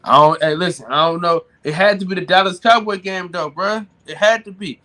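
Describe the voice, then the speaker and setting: Bright-voiced man in loose banter. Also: sits high, fairly quick. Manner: loose, joking banter, repeats himself. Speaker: podcast co-host. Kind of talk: casual live-stream chat.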